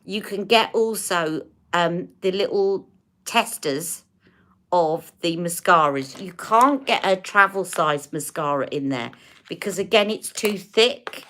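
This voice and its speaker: A woman's voice: on the low side, slow pace, fairly bright tone. A woman hosting a casual beauty livestream, chatting to viewers and demonstrating products as she talks. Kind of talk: casual live-stream chat.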